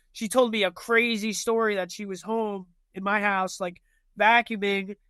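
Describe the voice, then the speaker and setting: A man's voice: high-pitched, fairly bright tone, smooth, dry recording. A young man telling ghost stories in casual chat, rambling with lots of fillers and restarts. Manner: rambling, filler-heavy storytelling.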